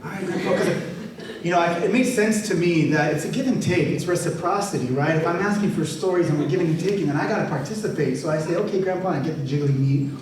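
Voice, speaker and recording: A man tells stories in an animated, laughing way and slips into a poetry reading, his voice sitting a little high. He is heard from a distance in a large hall with heavy echo. Faint noise sits behind him. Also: fast talker. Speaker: author giving a reading. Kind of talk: storytelling talk and poetry reading. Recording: echoey hall from far off.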